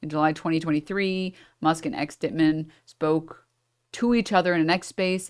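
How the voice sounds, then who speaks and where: A woman streamer reading a news article aloud and breaking off with sarcastic asides and apologies for her misreadings. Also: sits low.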